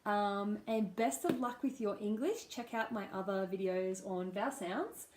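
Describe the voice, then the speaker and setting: A woman's voice: mid-range voice, measured pace, reverberant, background noise. A woman with an Australian accent, teaching a pronunciation lesson and demonstrating vowel sounds patiently. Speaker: accent coach.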